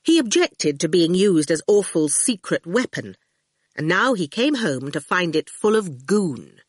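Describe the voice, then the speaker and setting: A woman narrating an audiobook in an expressive storytelling manner, close to the mic. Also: fairly low pitch, a little slow, no echo.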